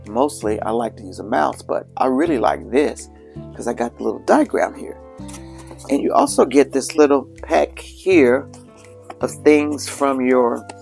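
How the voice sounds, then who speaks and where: Gravelly, upbeat man reviewing a gadget. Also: mid-range voice, darkish tone. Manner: chatty, upbeat, repeats words for emphasis. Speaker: product reviewer. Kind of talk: casual product review vlog.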